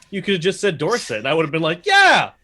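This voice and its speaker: A co-host in a casual livestream chat, making quick quips and puns. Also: medium pitch. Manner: lively, punning, quick quips.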